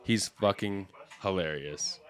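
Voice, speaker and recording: A man's voice: deep voice, slow. A man co-hosting a podcast, chatting casually and swearing a lot as he reacts to videos. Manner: profane, laughing, loose banter. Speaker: podcast co-host.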